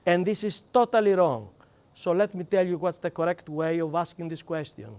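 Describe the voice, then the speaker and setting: A man with a Greek accent leading a live seminar, emphatic and animated, acting out quoted lines and calling on audience members by name. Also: fairly high pitch, a little fast. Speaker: seminar trainer.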